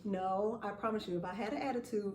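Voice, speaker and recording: Animated woman host, echoey room. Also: mid-range voice, quick pace, a little hiss or hum. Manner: animated, laughing, acts out quotes. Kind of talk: casual chat. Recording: echoey room, far from mic.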